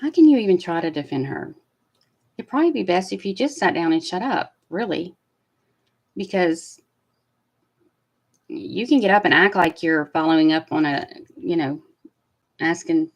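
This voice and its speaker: Brief: woman host, slightly low voice, casual trial commentary, blunt and foul-mouthed, animated delivery. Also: moderate pace, long pauses, poor audio. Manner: blunt, swearing, animated and opinionated.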